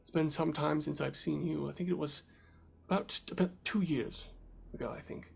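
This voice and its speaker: A calm, patient sorceress with a motherly softness, voiced in a fantasy tabletop game by a man. She speaks gently and without hurry, in a slightly raised, quiet voice. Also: fairly high pitch, moderate pace, creaky, husky, faint music behind, full character voice. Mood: gentle, cool.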